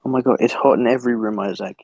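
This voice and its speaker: A young man co-hosting a casual podcast, teasing his friend in a quick, chatty way. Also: mid-range voice, fairly even intonation, vocal fry, a little mellow, no echo, dull audio. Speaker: podcast co-host. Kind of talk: casual chat.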